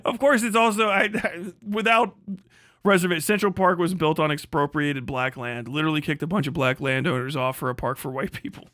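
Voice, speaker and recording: A man's voice: on the high side, a little fast, fairly bright tone, no room sound, clean studio sound. A young man hosting a livestream, ranting crudely and sarcastically, laughing often and answering chat. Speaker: livestream host. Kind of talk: profane ranting stream chat.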